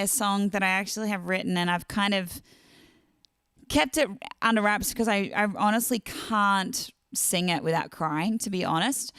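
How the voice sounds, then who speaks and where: A woman's voice: medium pitch, fairly bright tone, smooth, no room sound, studio quality. A woman singer-songwriter hosting her own live stream, chatting casually and reading out viewer comments.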